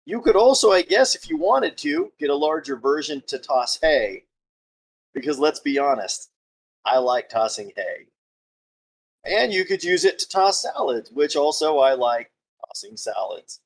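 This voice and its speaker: A woman's voice: sits low, very animated, unhurried, husky. A woman player giving a mock-grand in-character speech during a tabletop game. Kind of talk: in-character tabletop role-play.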